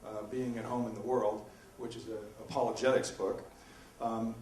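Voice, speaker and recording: A man, a philosophy professor, giving a debate presentation in a lecture room, talking in an animated lecturing way with many ums and uhs. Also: medium pitch, normal speed, far from the mic, a little hiss or hum. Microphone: distant from the microphone. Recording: echoey room recorded from afar.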